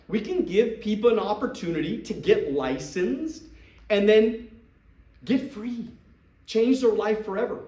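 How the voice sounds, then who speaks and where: A man with a higher, darkish voice gives an emphatic, repetitive business training talk, dramatizing sales dialogue. It's recorded in an echoey space with the mic far away.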